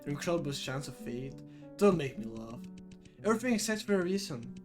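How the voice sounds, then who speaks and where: A man's voice: sing-song, fairly quick, music in the background. A man voicing a cold, aloof young male student who speaks curtly and dismissively. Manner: curt, dismissive, lower voice.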